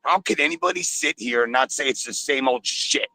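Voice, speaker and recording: A man rants into a call-in sports show from inside a store. He is angry and loud, swearing freely. His voice sits at a middle pitch and sounds dry and close. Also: fairly quick, vocal fry, no room sound, poor audio. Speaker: caller. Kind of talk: call-in sports radio rant.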